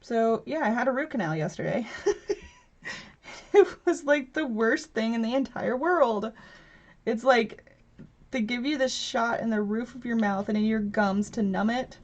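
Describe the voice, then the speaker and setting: The audio is dull and lo-fi as a woman in her thirties hosts a casual craft livestream from home. Her voice is fairly high and unhurried while she laughs, chats, and reads out what viewers write.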